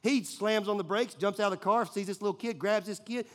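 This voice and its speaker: A man from Tennessee with a Southern accent, a pastor telling a sermon story, swinging between loud bursts and hushed moments. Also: high-pitched, a little fast. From Nashville, Tennessee, US. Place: church.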